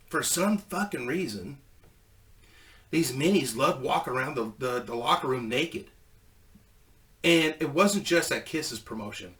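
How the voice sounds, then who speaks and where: A bright, forward-voiced man tells a loose, rambling story, dropping swear words freely and laughing at his own punchlines. He sits a little back from the microphone, so the sound is slightly distant. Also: mid-range voice. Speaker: storyteller, ex-wrestler. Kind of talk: casual profane storytelling.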